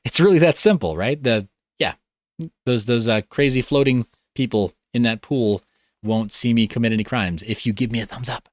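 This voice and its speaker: A man's voice: mid-range voice, normal speed, no room sound, clean studio sound. A man hosting a livestream, reading comments in a loose, rambling way with a tired voice. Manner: rambling, loose, self-interrupting. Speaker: livestream host.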